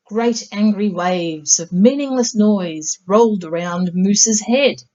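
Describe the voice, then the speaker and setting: A woman reading a children's picture book aloud in a gentle, measured storytelling voice. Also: mid-range voice, lo-fi sound. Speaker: storybook reader.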